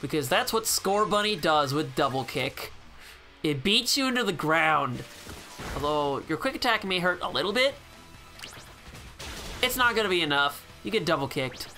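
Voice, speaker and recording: A man's voice: fairly high pitch, sharp tone. A man giving casual, sarcastic gameplay commentary, swearing freely. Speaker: gameplay channel host.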